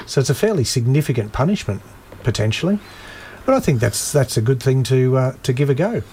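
A man presenting the sports segment of a community radio show in a relaxed, dry, conversational way. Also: medium pitch, a little fast, a little hiss or hum. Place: radio studio.

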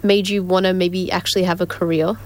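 On the low side and level in tone, her darkish voice moves a little fast. The young woman hosts a casual community radio show from the studio, rambling chattily, giggling often, and filling gaps with ums.

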